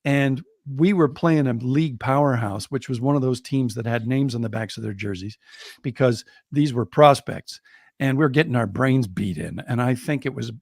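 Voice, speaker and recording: A middle-aged American man, a storyteller, telling a personal anecdote on a podcast in a lively way and chuckling as he goes. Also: mid-range voice, vocal fry, no echo, clean studio sound. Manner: lively, chuckling, builds excitement as he tells it.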